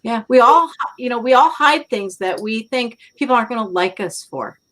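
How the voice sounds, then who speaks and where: A woman's voice: a little high, animated, moderate pace, fairly bright tone, rough recording. A woman hosting a live online summit, chatting in an upbeat, encouraging way over a video call and laughing easily. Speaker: host. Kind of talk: casual chat.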